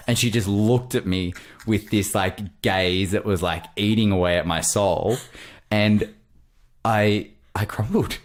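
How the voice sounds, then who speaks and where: A man, co-hosting a podcast and telling a story in a jokey, deadpan way. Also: on the low side, moderate pace. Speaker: podcast co-host. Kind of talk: casual storytelling chat.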